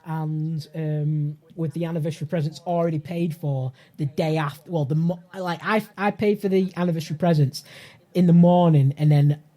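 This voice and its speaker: Man, podcast co-host, slightly high voice, mellow, halting delivery. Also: fairly even intonation. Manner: hesitant, halting storytelling. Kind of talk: casual chat.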